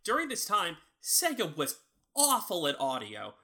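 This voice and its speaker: A man's voice: high voice, wildly swooping pitch, measured pace, sharp tone. A young man co-hosting a podcast, chatting casually with a critical, teasing edge. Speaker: podcast co-host. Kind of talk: casual chat.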